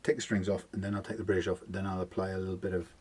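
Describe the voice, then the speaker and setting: A man's voice: deep voice, level tone, rapid-fire, a little mellow, breathy edge. A man talking casually through a guitar setup in his workshop, rambling and muttering to himself as he works. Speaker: guitar technician. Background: guitar being plucked.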